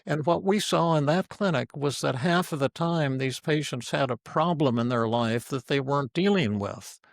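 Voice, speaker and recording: A man's voice: a little high, moderate pace, vocal fry, no echo, studio quality. Blunt older man telling teaching stories. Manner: blunt, frank and anecdotal. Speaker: psychiatrist and teacher. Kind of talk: informal teaching talk with stories.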